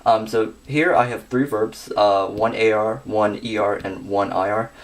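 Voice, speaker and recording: A young man giving a scripted grammar lesson, working through verb endings slowly and methodically. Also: on the low side, fairly even intonation. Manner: methodical, reads conjugations slowly with pauses.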